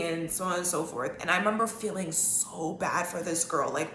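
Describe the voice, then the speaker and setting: A candid woman host tells a story at home in a rambling, emphatic way, often checking in with "okay?". Her voice sits a little low but sounds bright and forceful. The room around her is echoey, with faint ambience behind her. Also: normal speed, few pauses, a little hiss or hum. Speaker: podcast host. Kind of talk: casual storytelling monologue.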